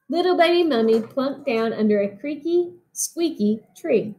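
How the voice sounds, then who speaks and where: A woman teacher reading a picture book aloud to children, expressive and pausing to ask them questions. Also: sits high, slight background noise, low-quality recording.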